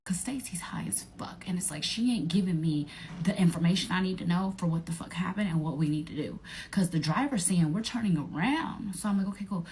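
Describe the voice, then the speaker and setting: Young woman vlogger, lively profane storytelling with a faint hum behind. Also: lowish voice, fairly quick. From Atlanta area, United States. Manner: animated, profane storytelling with voices for friends. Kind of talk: storytime vlog.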